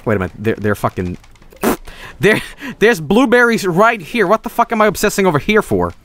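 A young man streaming a video game, excitable and swearing, often yelling at the characters on screen. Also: sits high, a little fast, a little hiss or hum. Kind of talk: gaming livestream commentary.

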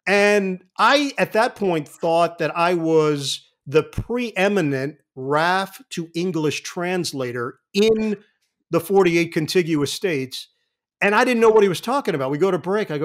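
Animated man in his fifties telling stories. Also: sits high, measured pace. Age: 50s. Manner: vivid storyteller, animated. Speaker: guest sportscaster. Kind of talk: anecdotal interview talk.

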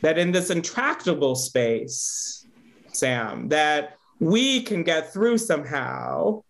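A man's voice: a little high, lively intonation, takes it slowly, gravelly. Earnest man asking searching questions. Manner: earnest, searching, many "right?" tags. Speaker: host. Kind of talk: reflective conversational interview.

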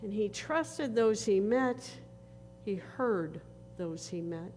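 Slow, earnest woman preaching in a church. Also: medium pitch, expressive, darkish tone. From northern United States. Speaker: pastor. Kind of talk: sermon. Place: church sanctuary. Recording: reverberant church hall with faint noise.

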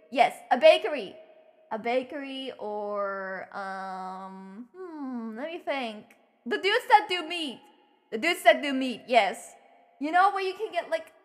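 Very high, bright, bubbly streamer woman. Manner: bubbly, swears casually, greets chat with repeated welcomes. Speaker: VTuber streamer. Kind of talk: casual live-stream chat with viewers.

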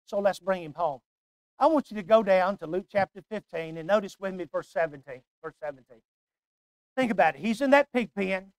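An older man preaching a sermon, emphatic and repetitive, swinging from hushed asides to loud declarations. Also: high voice, animated, a little fast, no room sound.

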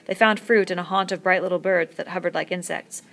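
A woman reading a novel aloud in a steady, measured narration. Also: on the low side. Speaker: audiobook reader.

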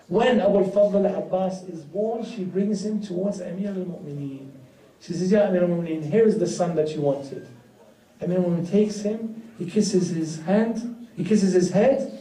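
A man's high voice tells a tragic story from the pulpit, building into an emotional, keening lament. His tone is mellow and dark. He sits well back from the mic in a large reverberant hall. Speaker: Muharram speaker. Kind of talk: narrated religious sermon. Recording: roomy hall from far off.

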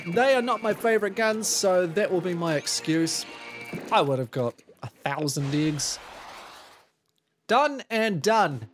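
Man, New Zealand accent, high voice, excitable gameplay commentary, game music behind. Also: a little slow. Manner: excitable, exclaims often, self-deprecating asides. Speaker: gaming YouTuber. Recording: game music playing underneath.

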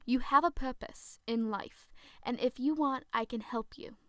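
A woman voicing a calm young female protector who carries swords, speaking in a matter-of-fact way, in a storybook horror tale. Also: on the high side, unhurried, dry recording, studio quality.

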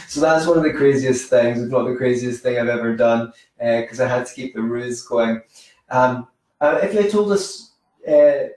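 A man's voice: medium pitch, fairly quick, a little mellow. A man coaching on social skills in a chatty, rambling way, telling anecdotes and correcting himself as he goes. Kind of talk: informal teaching monologue. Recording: very echoey room, mic far off.

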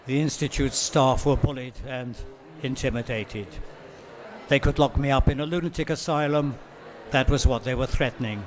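A man speaking as a literary translator at a book-fair talk, reading excerpts in a measured way with occasional ums and self-corrections. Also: mid-range voice.

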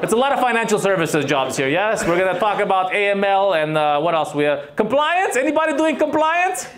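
A man's voice: sits high, very animated, fairly quick, fairly bright tone, a little hiss or hum. A man from Romania doing crowd work stand-up, teasing audience members and laughing often. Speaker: stand-up comedian. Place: comedy club stage with audience. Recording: echoey club with crowd laughter.

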